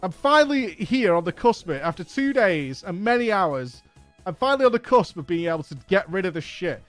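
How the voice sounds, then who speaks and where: A man streaming games, telling an exasperated anecdote in an animated, profane way. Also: high voice, a little fast, dry recording, faint music behind. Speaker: gaming streamer. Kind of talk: casual anecdote on a live stream.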